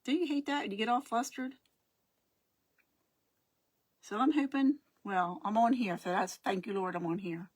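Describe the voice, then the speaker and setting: A woman's voice: on the high side, normal speed, pauses often. A middle-aged woman hosting a casual live craft stream, rambling and chatty, often losing her words and greeting her viewers.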